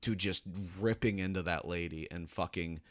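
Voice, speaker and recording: A man's voice: low-pitched, moderate pace, no room sound, studio quality. A young man, telling a heated, profane work story as a podcast co-host. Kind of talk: casual podcast chat.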